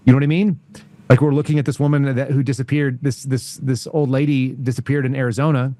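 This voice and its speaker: A man talking as a guest on a casual political talk show, rambling through anecdotes in an animated way. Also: mid-range voice, quick pace. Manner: rambling, animated storyteller with frequent laughs.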